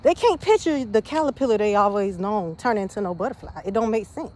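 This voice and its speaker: A woman's voice: medium pitch, animated, fairly quick, darkish tone. Slightly breathless woman, slangy pep talk. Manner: slangy, repeats "you get what I'm saying". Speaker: vlogger. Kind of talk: casual motivational talk.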